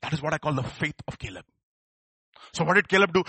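واعظ رجل بلكنة إنجليزية هندية، صوت مشرق فيه بحّة، يخطب بحماس ويرفع صوته صارخاً. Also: male voice, on the high side, fast talker, long pauses, husky, dry recording. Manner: animated, rising to fervent shouts. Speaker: preacher. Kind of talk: sermon.

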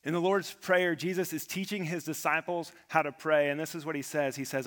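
A man preaching a sermon with earnest emphasis, rising to stress points and letting his phrases fall away quietly. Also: a little high, steady tone, brisk, hardly any pauses, in a large hall. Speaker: pastor.

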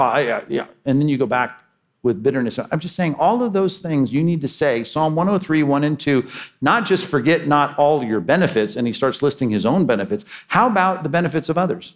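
Animated preacher, man. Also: mid-range voice. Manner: animated preaching, acting out quoted voices. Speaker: pastor. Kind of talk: sermon.

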